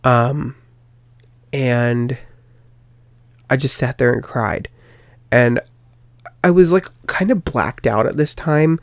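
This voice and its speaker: A young man tells a personal story on his podcast, rambling and circling back with frequent fillers and restarts. His voice carries a steady vocal fry at a middle pitch. The sound is dry and close, with no room around it. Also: slow pace, long pauses, dry recording. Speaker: podcast host.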